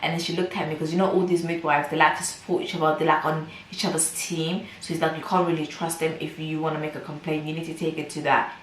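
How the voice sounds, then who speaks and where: A woman's voice: deep voice, flat delivery, fast, a little hiss or hum. Woman, young adult, storytime vlog, emphatic repetitive delivery, echoey room. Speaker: vlogger. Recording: roomy, from a distance.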